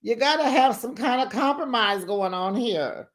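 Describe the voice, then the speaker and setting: A man hosting a casual reality TV recap, sassy and animated, acting out what the cast said. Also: very high voice, normal speed. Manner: sassy, animated, acts out quotes.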